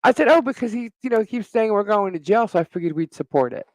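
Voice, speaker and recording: Speaking quickly in a voice that sits high, a middle-aged man co-hosting a live talk show recounts a tale about his neighbor. He tells it with animation, laughing a lot and cursing without restraint. The recording is dry and the audio quality poor.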